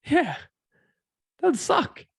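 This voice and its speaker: Guy giving a motivational money seminar, gravelly voice a bit on the high side, dry close sound. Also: takes it slowly, dry recording. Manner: animated, acts out characters and quizzes the audience. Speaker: seminar speaker.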